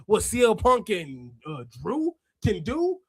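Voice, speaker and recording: A man hosting a wrestling review podcast, chatting casually and slangily, reading out chat comments and bursting into laughs and shouts. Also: high voice, slow pace, breathy edge, no room sound. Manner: excitable, laughs often and breaks into shouts; slangy, talks straight to chat readers. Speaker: podcast host.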